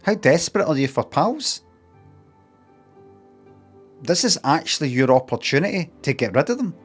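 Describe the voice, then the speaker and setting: A middle-aged Scottish man with a Glaswegian accent, chatting casually on a livestream, rambling and deadpan, acting out bits of mock dialogue. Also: a little high, moderate pace, breathy edge, faint music behind. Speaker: streamer. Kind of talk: casual livestream chat with chat readers.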